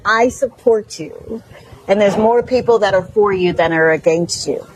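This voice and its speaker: A woman with a Southern US Mississippi accent hosts a talk show, closing it emotionally as she gushes praise and encouragement in an effusive, preachy way. Her husky voice sits in the mid range and moves at a normal speed, and the recording is low quality with no room sound.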